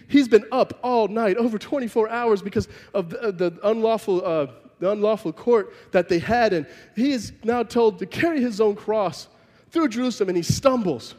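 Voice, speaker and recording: Guy with a pretty high voice preaching a sermon, really emphatic storytelling, long echo like a big church hall. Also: a little mellow. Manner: vivid, emphatic storytelling that acts out scenes. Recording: long reverb from a large hall.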